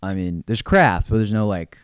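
A man's voice: lowish voice, animated, normal speed, clean tone, no echo, clean studio sound. A young man co-hosting a casual film podcast, rambling and laid-back, swearing often with lots of fillers. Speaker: podcast co-host.

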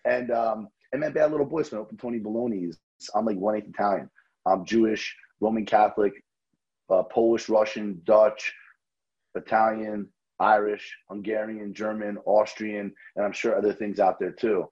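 Man, New Jersey accent, low husky voice, animated cursing storyteller. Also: normal speed, highs cut off. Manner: animated storyteller, swears freely, repeats words. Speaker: restaurant owner, podcast guest. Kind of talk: casual interview chat.

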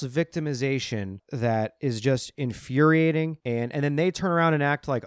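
A man's voice: medium pitch, normal speed, few pauses, clean tone, dry recording, studio quality. A man hosting a political commentary show, ranting in a heated, sarcastic and profane way. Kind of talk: ranting solo podcast commentary.

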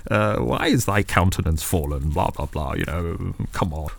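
A man's voice: low voice, expressive, normal speed, vocal fry, no echo, full character voice. A man voicing a dismissive, chummy male God who brushes off complaints in an offhand way.

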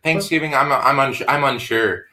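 A man's voice: medium pitch, pushed and bright. A young man from New Jersey on a casual podcast, rambling and restarting his sentences. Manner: rambling, halting with many restarts. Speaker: podcast co-host.

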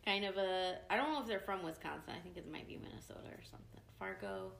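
A woman's voice: mid-range voice, fast, gravelly, a bit bright. A young woman co-hosting a podcast, chatting casually and reading quiz questions with a laugh. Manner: laughing, playful quizmaster. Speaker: podcast co-host. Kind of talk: casual chat. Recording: echoey room, faint hiss.

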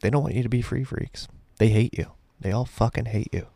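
A man's voice: mid-range voice, creaky, dark tone, no echo. A man hosting a podcast, talking bluntly and casually, wrapping up the show. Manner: blunt, profane, brisk sign-off host. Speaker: podcast host. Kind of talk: casual chat.

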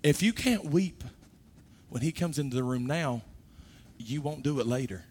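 A man preaching a sermon, moving from quiet, low talk to loud, high-pitched exhortation. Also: animated, normal speed, slightly rough.

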